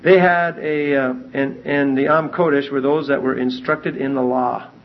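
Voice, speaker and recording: Man, Bible teaching, emphatic, animated, medium voice, muffled lo-fi sound. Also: mid-range voice, moderate pace. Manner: emphatic, animated, reads scripture aloud in King James wording. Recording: dull lo-fi recording.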